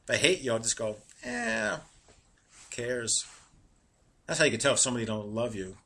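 Male preacher, middle-aged, husky edge, bright tone, slows down to read verses. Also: medium pitch. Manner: animated, laughing at his own jokes, slowing to read verses. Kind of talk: sermon.

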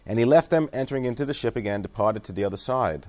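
A man's voice: mid-range voice, quick pace, a little mellow. A man giving a sermon, reading scripture aloud, explaining it in everyday words, and asking his listeners questions. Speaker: pastor.

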